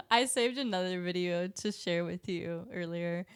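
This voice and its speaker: A woman's voice: lowish voice, animated, measured pace, a little hiss or hum. A woman co-hosting a podcast, chatty and giggly as she tells stories and signs off. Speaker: podcast co-host. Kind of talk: casual chat.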